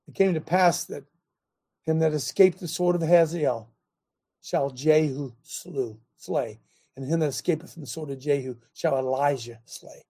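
Husky preacher, loud then hushed. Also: male voice, a little high, moderate pace. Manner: dramatic swings from loud urging to hushed near-whispers. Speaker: preacher leading a men's gathering. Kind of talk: preaching with scripture reading.

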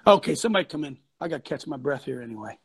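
A man hosting a talk show, ranting loudly with preacher-like fire, shouting and laughing as he goes. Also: fairly high pitch, animated, very fast. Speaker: host.

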